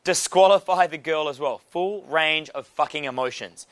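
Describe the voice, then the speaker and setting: A man teaching a dating seminar in a brash, profane, animated way. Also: fairly high pitch, normal speed, no echo. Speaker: dating coach.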